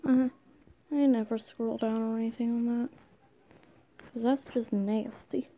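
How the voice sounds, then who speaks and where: A woman giving casual, rambling commentary as she scrolls through posts, now and then dropping into quiet whispers. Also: on the high side, flat delivery, unhurried. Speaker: channel host.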